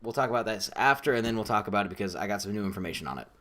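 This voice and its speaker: A man with an American accent hosting a live-streamed podcast in casual chat, playful and quick to try out joke voices. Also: lowish voice, expressive, fairly bright tone. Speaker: podcast host.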